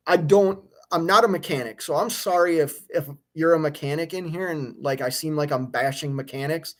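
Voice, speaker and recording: A man's voice: fairly high pitch, moderate pace. A man, an owner-operator truck driver, venting his frustration on a live stream from a hotel room, fired up and restarting his sentences, then reading viewer comments.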